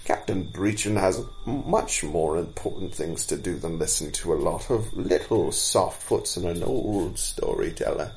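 A man's voice: deep voice, unhurried, hardly any pauses, a little mellow, pitched below the performer's own voice, low-quality recording. A man playing a testy old deer storyteller. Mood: stern scolding. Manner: stern, scolding. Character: fussy old male deer storyteller, easily irritated.

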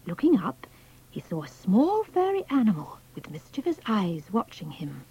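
A woman narrating a children's storybook in a measured, expressive reading. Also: mid-range voice, gravelly, slightly rough, rough recording.

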